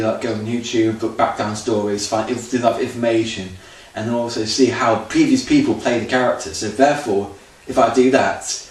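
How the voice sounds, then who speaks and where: Man rambling through a loose audition tape, heard from across an echoey room with faint background hum. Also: medium pitch. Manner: rambling, loose, restarting often. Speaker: auditioning amateur actor. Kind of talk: unscripted audition vlog. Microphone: camera. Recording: echoey room, distant camera mic, faint ambience.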